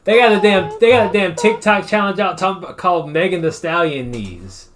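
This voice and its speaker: Man ranting, a bit high-voiced. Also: a little fast, a crowd in the background. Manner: animated ranting, profane. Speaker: podcast co-host. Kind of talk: casual chat.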